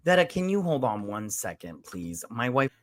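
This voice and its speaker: A man's voice: medium pitch, moderate pace. A man co-hosting a casual movie review podcast, swearing freely and acting out lines from the film as he retells it. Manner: profane, animated retelling with quoted voices. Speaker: podcast co-host.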